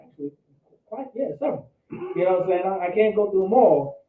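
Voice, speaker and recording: A man's voice: high-pitched, expressive, brisk, narrow, tinny audio. Man, Bible teacher, slangy preaching, repeats himself; distant, echoey, phone-thin audio.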